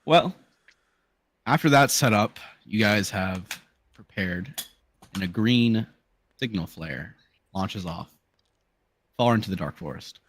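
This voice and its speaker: A man narrating a tabletop game as game master, casual and halting with fillers. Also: sits low, no room sound.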